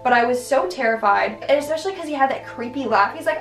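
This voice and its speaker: Her voice high-pitched, expressive, and fairly bright, a young adult woman vlogger talks fast as she rambles through personal stories. She's chatty and filler-heavy, constantly using "like" and restarting her sentences. The recording is roomy, from a distant mic, with faint music.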